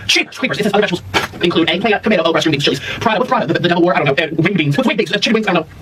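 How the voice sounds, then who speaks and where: Man, food vlogger, very fast talk, slightly high voice, mic at a distance, noisy background. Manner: animated, dramatic, jokey. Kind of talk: casual food tasting chat.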